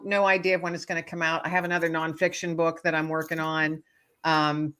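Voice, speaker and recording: A woman author chatting as a guest, her voice pitched low but bright and forceful. She tells stories with lots of energy, acting out the voices and laughing along with them. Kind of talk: casual storytelling interview.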